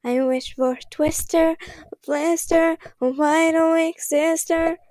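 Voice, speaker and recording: A woman voicing a chirpy, pestering little sister who sings her words in a teasing lilt, higher than her own voice. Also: lively intonation, normal speed, darkish tone, no room sound. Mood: sing-song teasing. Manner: sing-song, teasing.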